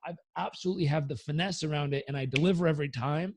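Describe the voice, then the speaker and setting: Very fast and fairly high-pitched, a motivational coach relates a story in an interview. He tells it conversationally and with animation, acting out each of the characters.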